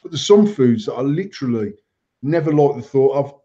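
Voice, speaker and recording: An English-accented podcast host with a medium-pitched voice chats a little fast in casual banter, and the recording's highs are cut off. He tells swearing-filled stories, animatedly quoting the dialogue.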